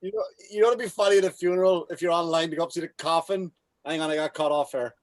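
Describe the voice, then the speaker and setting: A man co-hosting a podcast, telling crude jokes in a lively, playful way. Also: on the high side, quick pace, dry recording. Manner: crude, joking, lively delivery. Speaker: podcast co-host. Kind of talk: casual podcast chat.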